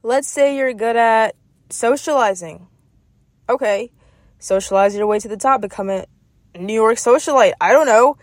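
A woman's voice: fairly high pitch, normal speed, dry recording. A young woman hosting a motivational podcast, speaking in an encouraging way and often checking in with "okay?". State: getting emotional. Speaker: podcast host.

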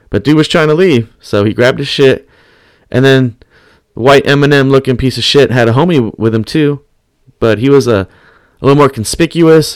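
A man's voice: medium pitch, smooth, no echo. Profane Bay man hosting a podcast. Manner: profane, rambling storytelling with laughs. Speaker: podcast host. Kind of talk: casual chat.

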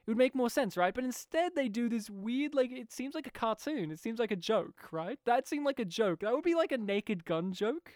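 A woman's voice: fairly high pitch, expressive, a little fast, hardly any pauses, a little mellow, no room sound, studio quality. A woman co-hosting a casual film discussion, laughing often and acting out the scenes she retells. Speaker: podcast co-host.

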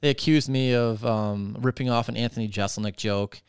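A man's voice: mid-range voice, moderate pace, smooth, dry recording, clean studio sound. A man hosting a podcast, ranting in casual chat with lots of swearing and filler words. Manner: profane, rambling, animated ranting with many fillers. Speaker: podcast host.

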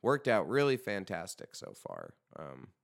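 A man's voice: deep voice, huge pitch swings, measured pace, gravelly, dry recording, studio quality. A young man hosting a podcast in a loose, rambling chat, swearing freely and joking about his band. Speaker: podcast host and band vocalist. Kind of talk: casual chat.

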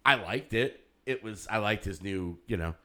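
Chatty man with a low voice. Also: moderate pace. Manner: rambling, laughs often, quotes people in animated bursts. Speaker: podcast co-host. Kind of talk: casual chat.

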